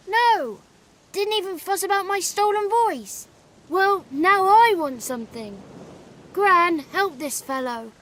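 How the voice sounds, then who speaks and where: Sprite, male, small, cheeky, high voice, game cutscene, faint outdoor ambience. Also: a bit bright, a little hiss or hum, exaggerated voice. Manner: chatty, cheeky, pleading. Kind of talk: video game cutscene acting.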